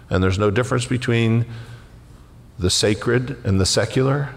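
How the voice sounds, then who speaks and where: A man preaching a sermon as a pastor, folksy and conversational, rising into loud emphatic passages. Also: medium pitch, moderate pace, creaky. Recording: long hall reverb.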